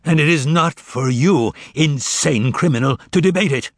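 A man voicing a tormented, imperious older Roman governor with a broken, ailing voice that swings from low menace to furious shouting. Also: big pitch swings, measured pace, breathy edge, no room sound, clean studio sound, heavily acted.

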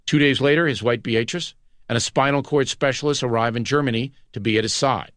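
A man narrating a nonfiction audiobook with a measured, dramatic delivery. His voice sits at an ordinary middle pitch. The recording is dry and close, with no room sound. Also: a bit bright, no room sound. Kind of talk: scripted narration.

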